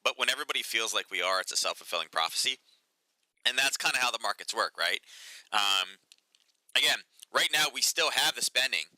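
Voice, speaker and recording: Market-commentary host, man, casual and sarcastic, bright cutting voice, dry close sound. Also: medium pitch, animated, brisk, no room sound, poor audio. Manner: chatty, sarcastic, lots of "right?" and "um".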